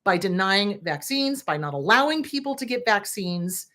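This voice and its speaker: Blunt, lively-voiced woman host. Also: mid-range voice, normal speed. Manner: blunt, indignant, swears freely. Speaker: host, therapist. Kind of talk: direct-to-camera commentary.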